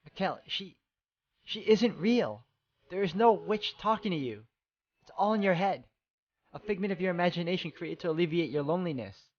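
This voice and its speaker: A man's voice: high-pitched, expressive, moderate pace, lo-fi sound, voice pushed up. A man voicing a desperate young woman, pleading with her lover in a frantic, raised voice as he reads game dialogue aloud.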